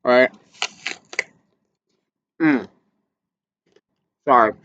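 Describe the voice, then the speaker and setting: A man recounting his fight nerves in a casual, candid way, cursing without a filter. His voice sits at an ordinary middle pitch, and the sound is dry and close with no room echo. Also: drawn-out words, clean tone, muffled recording. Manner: candid, swears freely, gets louder and higher as he relives panic. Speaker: amateur boxer. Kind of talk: casual storytelling to camera.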